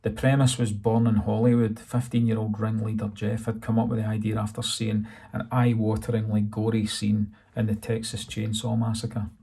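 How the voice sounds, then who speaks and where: A man narrates his own novel in a low, flat, gravelly voice. His tone is dark and husky, and he tells the story in a dry, steady way. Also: normal speed. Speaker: author reading his novel. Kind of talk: audiobook narration.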